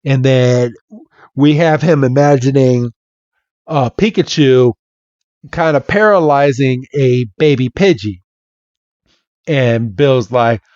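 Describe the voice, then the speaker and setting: A man's voice: medium pitch, slow, long pauses, darkish tone, no room sound, lo-fi sound. A man hosting a podcast and retelling a comic chapter in a chatty, casual way. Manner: chatty, laughing storyteller. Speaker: podcast host.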